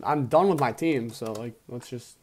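A young man hosting a casual game breakdown in an average-pitched voice. He is excitable and veers between low mumbling asides and loud, worked-up outbursts. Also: moderate pace. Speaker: video host and league player.

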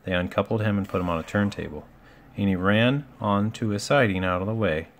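A man reading a children's picture book aloud in a relaxed, homely way, with small slips and asides. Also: fairly low pitch, a little fast. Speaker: storybook reader.

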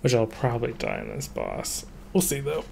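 A man streaming a game live, chatting casually in a relaxed, self-deprecating way and mumbling to himself. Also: medium pitch, moderate pace, gravelly, a little hiss or hum.

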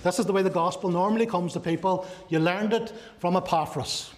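Male pastor preaching, kinda high voice, asks lots of questions, goes soft and low on the big lines. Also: brisk. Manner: earnest preaching with rhetorical questions. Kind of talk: sermon.

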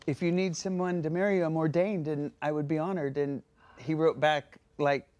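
A woman guest on a daytime talk show, chatting warmly and getting emotional, often breaking into laughter. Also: deep voice, fairly even intonation, normal speed. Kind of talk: casual chat. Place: TV studio.

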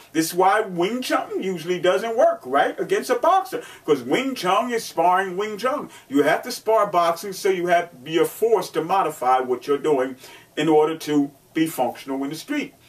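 A man's voice: high voice, expressive, normal speed, far from the mic. Emphatic man teaching martial arts. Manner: emphatic, repetitive, rhetorical questions. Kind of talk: instructional video talk.

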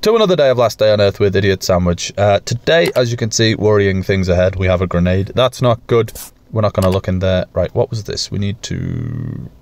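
A man's voice: on the low side, big pitch swings, a little fast, creaky. A young man giving casual, self-mocking commentary while playing a survival game, swearing now and then and tossing in playful sound effects. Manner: makes playful sound effects and coos at pets. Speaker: gaming YouTuber.

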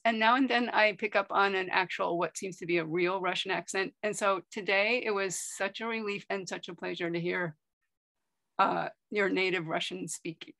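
A woman's voice: mid-range voice, vocal fry, sharp tone, dry recording. A woman speaking as a guest on a video call, chatty and enthusiastic, rambling a little as she talks. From United States. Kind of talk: casual chat on a video call.

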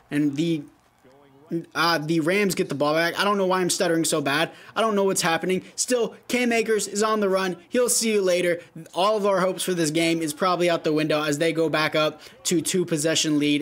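A young man with a high voice narrates a football video game in casual play-by-play, calling each down like a sports announcer. He drops offhand asides to his viewers between plays, speaking into a gaming headset. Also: a bit bright. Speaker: gaming YouTuber.

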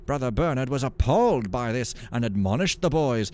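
A man's voice: mid-range voice, animated, normal speed, few pauses, darkish tone. A man hosting a let's play, chatting casually and jokily, and reading in-game stories aloud in a dramatic storytelling voice. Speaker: gaming channel host.

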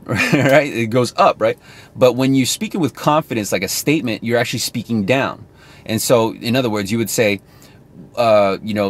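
A man's voice: medium pitch, lively intonation, normal speed. A man talking casually to camera as a sales coach, chatty and thinking aloud as he explains.

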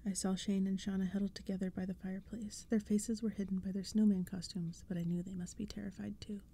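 Soft-spoken woman, whispered role-play reading. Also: mid-range voice, little pitch movement, brisk, husky. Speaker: ASMR storyteller.

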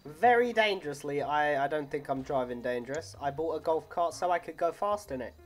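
A man's voice: a little high, steady tone, brisk, soft background music. Joking gamer man, casual chat. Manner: joking, laughs often. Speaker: gaming YouTuber. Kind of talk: casual role-play chat.

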